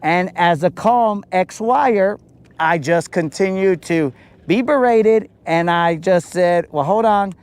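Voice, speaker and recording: A man's voice: high-pitched, slow pace, smooth. A man hosting a podcast, telling a story in a casual, slangy, laid-back way. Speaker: podcast host.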